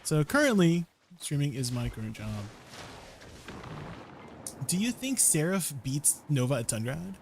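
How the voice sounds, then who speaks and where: Young male streamer, casual and giggly, unhurried delivery, a bit higher pitched, light noise underneath. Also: sing-song, gravelly. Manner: giggly, chatting with viewers while gaming. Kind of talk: casual live-stream chat. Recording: faint background noise.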